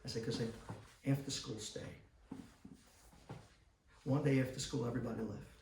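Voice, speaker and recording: A man preaching as a rabbi, telling his story with acted-out dialogue and rising intensity. He is picked up from a distance in a roomy, echoing space, his voice at an ordinary middle pitch. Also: steady tone, normal speed, gravelly, slight background noise. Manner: dramatic storyteller who acts out dialogue and builds to shouting. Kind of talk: storytelling sermon. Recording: roomy hall miked from a distance.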